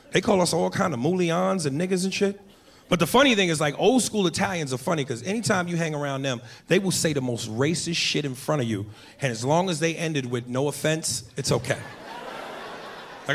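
A man's voice: fairly high pitch, creaky, slightly rough. A man performing stand-up comedy in a club, crude and profane, talking to the crowd.

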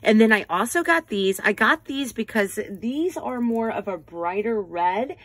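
A woman, chatting casually in a haul video, gushing and folksy and quick to poke fun at herself. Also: on the high side, no room sound. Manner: gushing, folksy, excitable, self-deprecating. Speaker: haul vlogger.

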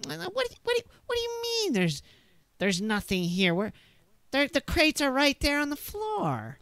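A jittery scavenger boss , put on by the game master, who stammers and hedges and keeps his guard up. His voice jumps up high and strained, well above the speaker's usual register. He speaks quietly and keeps backing into his words. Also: wildly swooping pitch, measured pace, no room sound, heavily acted. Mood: wary. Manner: stammering, hesitant. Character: nervous, distrustful male scavenger boss.

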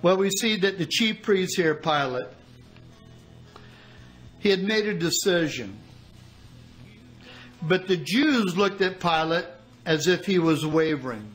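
A man delivers a sermon in a slow, deliberate cadence with dramatic pauses. His voice sits fairly high and moves lively up and down as he reads scripture and explains it to the congregation. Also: soft background music, poor audio. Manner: preaching with dramatic pauses, reading scripture aloud. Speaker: pastor.

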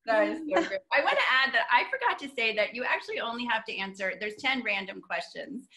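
A woman with a very bright, forceful voice chats casually on a video call. She is an artist speaking to an audience, and she laughs often as she talks. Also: a little high, lively intonation, fast talker, low-quality recording.

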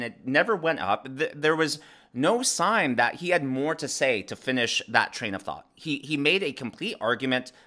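A man hosting his own political commentary channel, talking emphatically and breaking his points down step by step. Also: medium pitch. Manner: animated, emphatic, explains step by step. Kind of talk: opinionated commentary.

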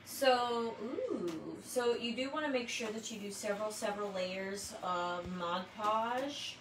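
Casting note: woman, chatty crafter teaching on a live stream, echoey room, clear noise behind. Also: mid-range voice, a little slow. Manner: chatty, laughs easily, explains as she works. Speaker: crafter demonstrating tumbler making. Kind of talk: casual livestream tutorial. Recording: roomy echo with background noise.

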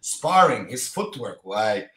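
A man, a martial arts instructor, chatting as a podcast guest. He tells stories animatedly in quick fragments, with many "you know"s. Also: mid-range voice, sing-song, bright, forceful tone. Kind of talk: casual interview storytelling. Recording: roomy echo.

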